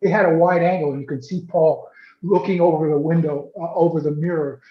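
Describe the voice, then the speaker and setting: Male photojournalist, raised pitch, chatty anecdote with restarts, echoey lo-fi call audio. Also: fairly quick, a little hiss or hum. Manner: animated, repeats words, restarts often. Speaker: photojournalist guest. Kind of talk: casual storytelling on a video call. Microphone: video call. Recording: roomy, dull video call audio.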